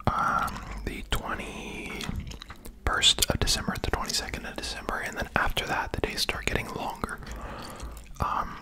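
A young man whispering a rambling ASMR chat while chewing gum. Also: normal speed. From England. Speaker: ASMR creator. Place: home room, lights turned down. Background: rain outside.

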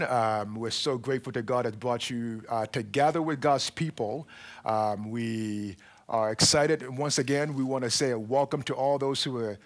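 A man, a pastor, welcoming the congregation and giving announcements, talking with many pauses and fillers. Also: mid-range voice, a little hiss or hum. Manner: warm, halting delivery with many fillers. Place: church auditorium.

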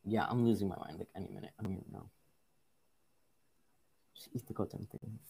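A young man giving frustrated gameplay commentary, muttering to himself and breaking into loud exasperated outbursts. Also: on the low side, a little fast, gravelly, husky. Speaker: gaming video creator.

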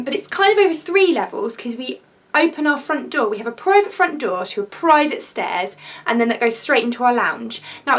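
Excitable high-voiced young woman vlogger. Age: 20s. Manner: chatty, excitable, rambling with fillers. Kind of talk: story time vlog.

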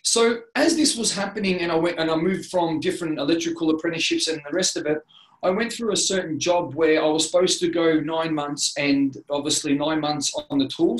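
Earnest Australian man, roomy echo. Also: fairly high pitch. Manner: earnest, rambling, many restarts and "you know". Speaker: interview guest. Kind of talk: candid personal storytelling.

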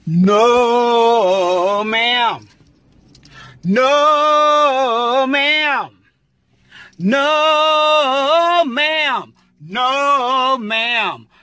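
A man putting on a sassy, exasperated choir director, scolding in a drawn-out sing-song. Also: very high voice, sharp tone, clean tone, no echo, pitched above the performer's own voice, heavily acted.

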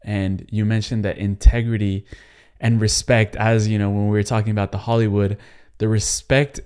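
Low, smooth, flat-voiced young man interviewer. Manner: measured, hesitant questioning with fillers. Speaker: podcast host. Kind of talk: interview questions.

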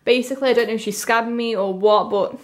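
Talking fast in a slightly high voice, a young woman from England chats her way through a haul unboxing. She's gushing and keeps exclaiming, with plenty of "oh my god."

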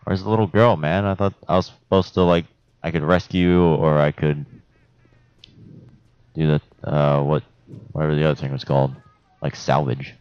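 A young man giving profane, excitable commentary while playing a video game, talking trash at enemies. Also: a bass voice, normal speed, pauses often, clean tone, dry recording. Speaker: gameplay commentator. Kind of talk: let's play commentary. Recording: dull lo-fi sound.

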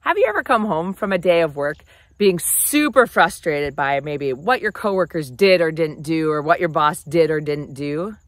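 A woman talks straight to camera in a casual advice chat. Her pitch swings lively up and down as she explains. The sound is close and dry, with no room around it. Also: normal speed, dry recording. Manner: animated, conversational, often acts out quoted phrases. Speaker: relationship advice host.

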